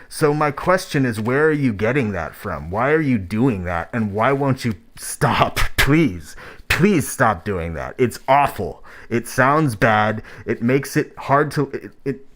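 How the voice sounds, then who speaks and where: Guy streamer tearing into rap verses, blunt, swears a lot, keeps restarting. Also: medium pitch. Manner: blunt and profane, rambling with restarts. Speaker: streamer reviewing rap tracks. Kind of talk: unscripted blunt critique on stream.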